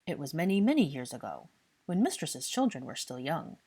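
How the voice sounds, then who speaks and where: A woman voicing a fussy, servile old male house elf who croaks and talks in odd third-person grammar. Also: low voice, very animated, a little fast, darkish tone, full character voice.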